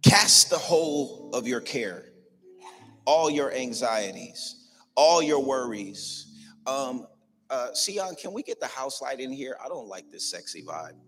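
A man's voice: medium pitch, sing-song, slow pace, fairly bright tone. A man preaching a sermon in a church, passionately driving his points home and repeating phrases for emphasis. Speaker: pastor. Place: church sanctuary. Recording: long reverb in a large hall, faint music behind.

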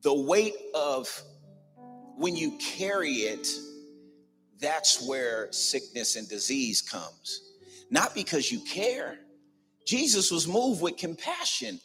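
A male pastor with a fairly high voice preaches with fervor, hammering home his points by repeating phrases. His voice rings out in a large hall with a long reverb. Soft music plays underneath. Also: big pitch swings, slow. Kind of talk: sermon. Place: church sanctuary.

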